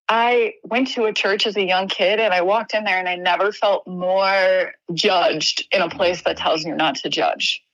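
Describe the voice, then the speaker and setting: A woman's voice: mid-range voice, dry recording, lo-fi sound. Earnest woman telling a hard story. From Wisconsin. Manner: earnest, halting, many restarts and fillers. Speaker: podcast guest. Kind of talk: candid personal storytelling.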